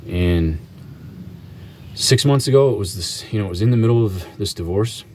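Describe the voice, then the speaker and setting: A man vlogging an earnest faith testimony, halting often and restarting his sentences. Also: lowish voice, expressive, a little mellow, slight background noise.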